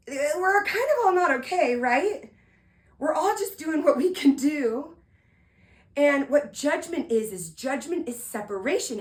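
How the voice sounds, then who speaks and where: A woman host giving an energetic, heartfelt motivational talk, playful and upbeat with excited asides. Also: high voice, rough recording.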